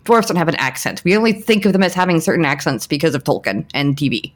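A woman's voice: low voice, animated, fast talker. A young adult woman co-hosting a podcast, speaking frankly in casual chat and restarting her sentences often. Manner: frank, talks things through with many restarts and "like"s. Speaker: podcast co-host.

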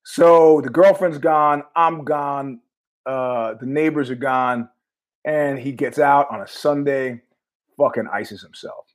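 A man's voice: medium pitch, slow. A man hosting his own show, telling a story in a blunt, profane, conversational way. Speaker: host. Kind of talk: casual storytelling monologue.

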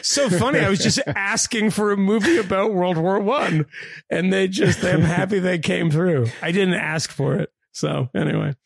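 Man, joking podcast co-host, gravelly voice with a higher pitch, casual banter. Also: no room sound, studio quality. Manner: joking, animated, quick asides. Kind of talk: casual chat.

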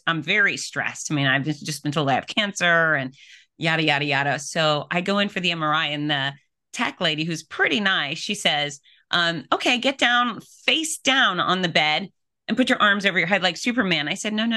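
A middle-aged woman with a low but bright, forceful voice tells her story on a podcast. She is lively and expressive. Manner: vivid, expressive, with laughs and acted-out quotes. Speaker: podcast guest, fitness expert and speaker. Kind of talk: animated storytelling in an interview.

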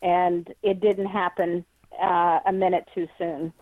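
Woman interview guest; earnest and measured, on a thin phone line. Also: on the low side, flat delivery, no room sound. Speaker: author and paranormal researcher, guest. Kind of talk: interview answers.

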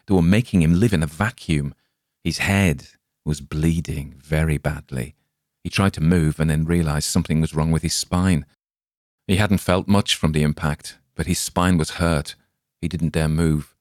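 A man reading a short story aloud as narrator, in a measured, dramatic manner. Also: extremely low pitch, a little mellow, dry recording, studio quality.

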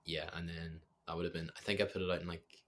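A man's voice: sits low, level tone, fast. A young man with a Northern Irish accent, a musician chatting casually in an interview, rambling and self-deprecating with many fillers. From Northern Ireland. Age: young adult. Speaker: musician guest.

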